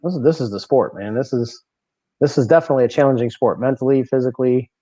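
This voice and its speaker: A man in a podcast interview tells stories in an animated way, laughing easily and doubling up words as he talks. His voice sits in a middling range. The audio is a bit dull and very dry. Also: medium pitch, quick pace, dry recording. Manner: animated, laughing often, repeating words as he goes. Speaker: guest bowler. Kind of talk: casual storytelling in a podcast interview.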